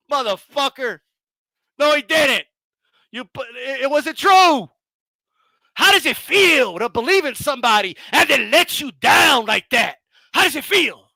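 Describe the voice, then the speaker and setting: A man hosting a boxing channel, gloating and mocking his critics in a heated rant, swearing often and shouting at times. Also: extremely high pitch, no room sound. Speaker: boxing commentator and channel host.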